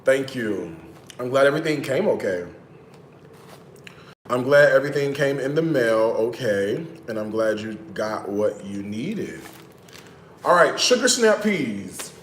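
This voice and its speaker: A man's voice: mid-range voice, very animated, a little slow, roomy sound, slight background noise. A man hosting a cooking live stream in his home kitchen, chatty, with teasing asides to viewers. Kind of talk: casual live-stream chat.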